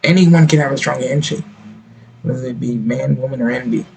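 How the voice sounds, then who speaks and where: Gravelly-voiced streamer, blunt and profane, ranting reactions to clips. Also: male voice, mid-range voice, fairly quick, a little mellow, slight background noise, poor audio. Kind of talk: reaction commentary.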